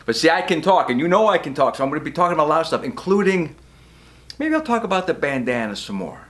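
Guy vlogging to the camera, kinda high voice, emotional, begging ppl, yells sometimes. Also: very animated, a little fast. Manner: emotional, pleading, yells now and then. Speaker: vlogger promoting his podcast. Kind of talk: casual direct-to-camera vlog. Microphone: camera facing him.

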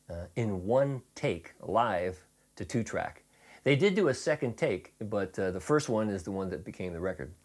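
A man teaching a rock guitar lesson in a relaxed, chatty way, with fillers and restarts, playing along on guitar. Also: fairly low pitch.

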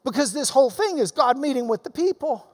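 Bible teacher, male, emphatic and lively in pitch, lecturing in a reverberant hall. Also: fairly quick. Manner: emphatic, animated, swings between loud and soft. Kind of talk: lecture answering questions.

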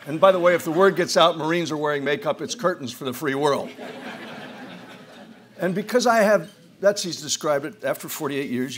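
An older American man tells a humorous story to an audience in a hall, his voice sitting a touch high. He is wry and self-deprecating and often restarts his sentences. A faint ambient hiss sits under the recording. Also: a bit bright. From United States. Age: 60s or older. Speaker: speaker at a roundtable. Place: event hall before an audience.

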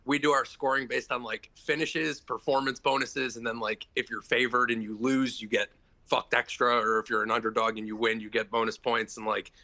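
Bright, laid-back male interviewer. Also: mid-range voice, little pitch movement, moderate pace. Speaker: interviewer host. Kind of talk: casual interview chat.

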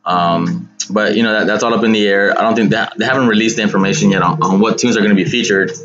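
A man's voice: on the low side, fairly even intonation, fast talker, a bit bright. A man hosting a gaming channel, chatting casually over gameplay with lots of fillers and restarts. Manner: rambling with many fillers and restarts. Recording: dull lo-fi sound with game music.

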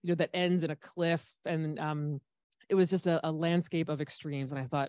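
A woman's voice: low-pitched, steady tone, normal speed, darkish tone, no echo, clean studio sound. A woman composer on a discussion panel, explaining her music in a chatty way with frequent ums.

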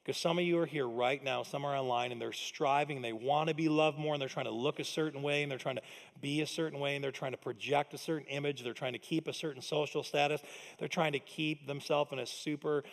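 A male pastor with a high-pitched voice preaching to a congregation. He talks in a casual, conversational way but builds to emphatic peaks and calls questions out to the crowd. His voice trails off into a long reverb from the hall. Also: steady tone, a little fast, gravelly. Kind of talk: sermon. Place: church auditorium.

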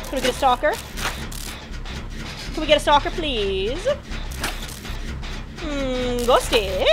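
A woman's voice: high voice, animated, takes it slowly, music in the background. A woman streamer giving casual gameplay commentary, chatty and grumbling, talking to the game's characters. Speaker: gaming streamer.

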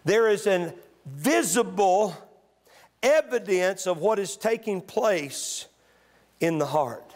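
A man pastor preaching a sermon in church, moving between calm teaching and loud, shouted exhortation. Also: sits high, takes it slowly. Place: church sanctuary.

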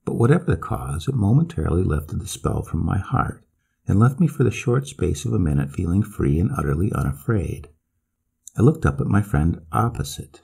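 Deep gravelly male storyteller. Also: very animated, moderate pace, mellow. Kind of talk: scripted narration of a classic ghost story.

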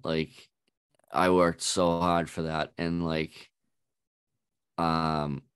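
A podcast co-host with a bass voice tells animated stories in a casual chat, swearing freely. The studio-quality recording is clean and dry.

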